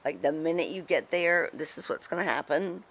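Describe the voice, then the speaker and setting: A middle-aged woman telling a story in a casual interview, animated and chatty, acting out what others said. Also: deep voice, moderate pace. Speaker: guest, former wrestling personality.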